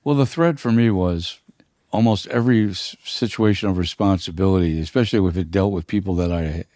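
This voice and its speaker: An older man with a husky, very low voice and a dark, mellow tone. He tells his stories slowly and haltingly, with many fillers. The sound is close and dry. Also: no echo. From United States. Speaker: guest musician. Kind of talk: casual storytelling.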